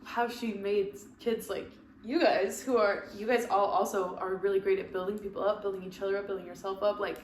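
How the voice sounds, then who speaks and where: A woman talking openly as a guest in a casual podcast chat. Her voice sits at a mid pitch, and she sounds heartfelt and emotional. The recording has a roomy echo and some faint noise in the background. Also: fairly even intonation, brisk, hardly any pauses.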